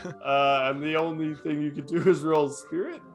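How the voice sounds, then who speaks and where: A man running an improvised tabletop horror comedy as game master, narrating haltingly with many fillers and bursts of laughter. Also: a little high, fairly even intonation, over loud music.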